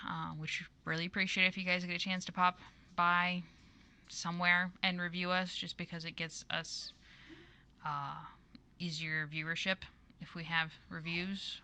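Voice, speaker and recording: A woman's voice: lowish voice, level tone, normal speed, pushed and bright, clear, resonant tone. A woman co-hosting a casual podcast, chatty and laughing often. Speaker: podcast co-host.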